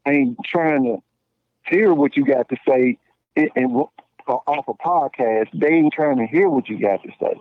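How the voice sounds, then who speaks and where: A man in his late thirties from Memphis, Tennessee, with a Southern accent, a podcast guest telling stories in a blunt, slangy, animated way with lots of restarts. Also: mid-range voice, moderate pace. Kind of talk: casual call-in conversation. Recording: tinny dry phone line.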